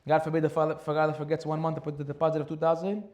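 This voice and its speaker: A man's voice: a little high, rapid-fire. A man giving a sermon as a rabbi, telling stories animatedly and repeating key phrases for emphasis. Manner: animated storytelling with repetition for emphasis.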